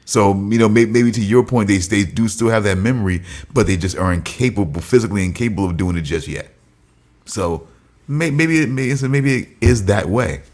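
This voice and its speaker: Low-voiced man rambling on a podcast. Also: a little fast, darkish tone. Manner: rambling, thinking aloud with many restarts. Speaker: podcast co-host. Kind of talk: casual chat.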